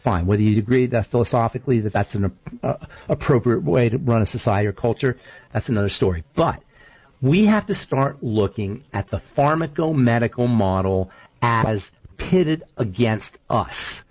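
A man hosting a talk radio show, chatting casually and telling stories in an animated, argumentative way. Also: medium pitch, normal speed, no echo, muffled recording. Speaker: show host.

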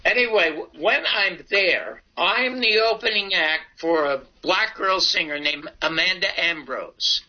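An older man in an interview tells animated anecdotes, acting out the dialogue within his stories. He speaks in a high voice at an unhurried pace with few pauses, and the audio sounds dull.

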